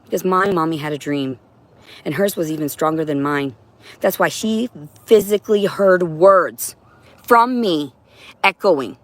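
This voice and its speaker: A woman's voice: fairly low pitch, measured pace. A woman on a livestream in an agitated, profane, rambling monologue, now and then talking to her cat.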